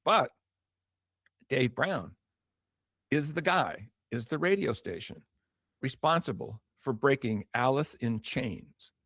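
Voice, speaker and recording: Older man telling lively music-business stories. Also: medium pitch, slow pace, pauses often, no room sound, clean studio sound. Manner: animated storyteller, acts out quoted dialogue, many restarts. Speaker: former record promotion executive, guest. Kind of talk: storytelling interview talk.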